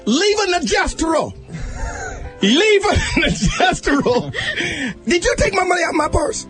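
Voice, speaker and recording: A man doing the voice of a loud mother scolding and threatening her boy. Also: very high voice, big pitch swings, unhurried, music in the background, voice pushed up, exaggerated voice. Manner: shouting, threatening, comic.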